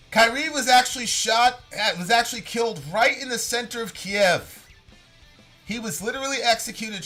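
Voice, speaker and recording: A man in his thirties talks through the news as a podcast co-host. His voice is bright and forceful and sits a little high, and he pushes hard on his points, rambling and restarting as he goes. Soft guitar music plays behind him. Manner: animated, emphatic, rambling with restarts. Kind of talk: casual political commentary.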